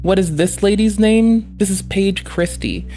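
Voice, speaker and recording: Annoyed streamer, mid-pitched voice, sarcastic and swearing constantly, faint music underneath. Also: a little slow, dark tone. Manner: heated, sarcastic, heavy swearing. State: annoyed and frustrated. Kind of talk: livestream reaction commentary.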